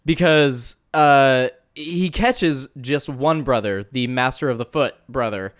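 A man co-hosting a podcast, casually and excitedly recapping a kung fu film. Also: medium pitch, slow. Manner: excited, animated retelling with acted quotes. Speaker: podcast co-host.

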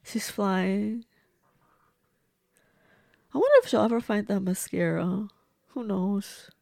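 Gravelly lady doing a casual movie reaction, blunt and gushy, dry close sound. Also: medium pitch, takes it slowly, a little mellow, no echo. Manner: gushing, blunt, talks back to the screen. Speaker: movie reviewer.

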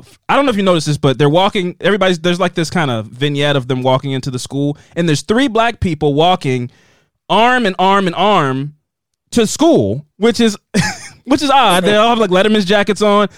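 A man co-hosts a casual recap podcast, joking and throwing in quick asides. His fairly high voice swoops up and down a lot. The sound is dry and close. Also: clean tone, no echo. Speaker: podcast co-host recapping a TV series. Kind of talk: casual chat.

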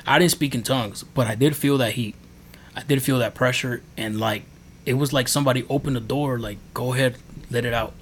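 A man's voice: mid-range voice, fairly even intonation, brisk, a little hiss or hum. A man on a podcast telling his faith testimony in a casual, earnest, rambling way. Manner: earnest, rambling storytelling with many fillers. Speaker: podcast guest.

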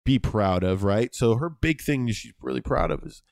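A man's voice: mid-range voice, expressive, moderate pace, creaky, a little mellow, no echo, clean studio sound. A man co-hosting a casual podcast. He talks in a loose, profane, joking way, and his throat sounds tired. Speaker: podcast co-host.

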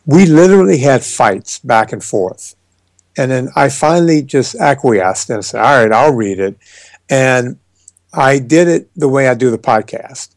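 Male podcast guest, fitness author, mid-pitched, lively storyteller; dry close mic. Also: a little slow, no room sound. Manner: animated storyteller, emphatic and joking. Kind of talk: casual podcast interview.

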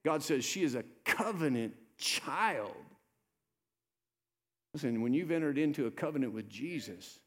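Animated pastor preaching in a reverberant sanctuary. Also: male voice, unhurried, pauses often. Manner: animated preaching that swings from loud urgent appeals to low soft tones. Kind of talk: sermon. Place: church sanctuary. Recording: live church sermon with long reverb.

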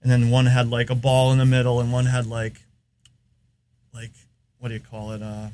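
A man's voice: medium pitch, monotone, normal speed, a little mellow, slight background noise. Rambling American man telling shop stories. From United States. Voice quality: rambling, filler-heavy storytelling. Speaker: podcast guest. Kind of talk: casual chat.

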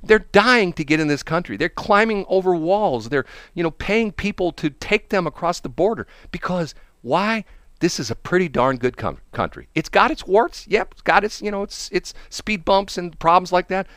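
Animated, rambling male talk host. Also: sits high, normal speed, clear, resonant tone, dry recording, studio quality. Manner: rambling, animated storytelling with laughs and asides. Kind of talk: opinionated casual chat.

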